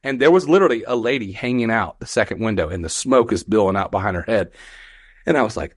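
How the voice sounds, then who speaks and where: A young firefighter man telling a call story on a podcast, animated, quoting people in raised voices. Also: lowish voice, fast, no echo, clean studio sound. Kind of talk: casual storytelling.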